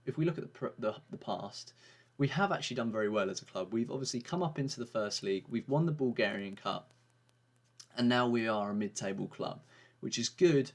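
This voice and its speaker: A man giving a casual, rambling commentary on his video game season, with frequent fillers and restarts. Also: medium pitch. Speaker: gaming YouTuber.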